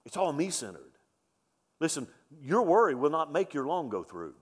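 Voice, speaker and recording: Emphatic preacher in a reverberant hall. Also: male voice, on the high side, big pitch swings, moderate pace. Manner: emphatic, repeats key lines, rhetorical questions. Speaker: pastor. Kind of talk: sermon. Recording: long reverb of a large hall.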